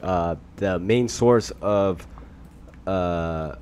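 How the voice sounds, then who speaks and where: A man co-hosting a casual fitness podcast, talking in a relaxed, hesitant way. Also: sits low, drawn-out words, clean tone. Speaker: podcast co-host. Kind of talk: casual chat. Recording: faint background noise.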